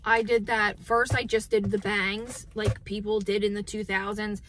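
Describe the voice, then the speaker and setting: A woman's voice: medium pitch, level tone, moderate pace, a bit bright, slight background noise. A woman vlogging in casual, rambling chat from her car, with many fillers and self-corrections. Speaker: beauty vlogger. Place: in a parked car.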